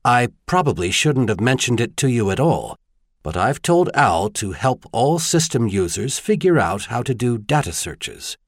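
A man's voice: mid-range voice, sing-song, moderate pace, no echo, studio quality. A man voicing a tall, kindly advisor in an audiobook, earnest and lightly wry. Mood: teasing.

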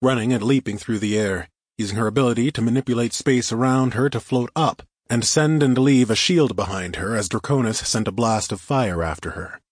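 A man narrating first-person action fiction for an audiobook, in a steady, even storytelling manner. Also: mid-range voice, brisk, husky, no room sound, studio quality.

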